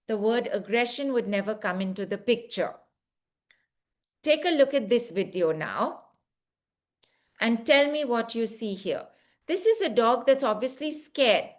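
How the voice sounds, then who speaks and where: Woman, course instructor, earnest lecture, acts out dogs' thoughts, fairly high voice. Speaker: dog behaviour course instructor.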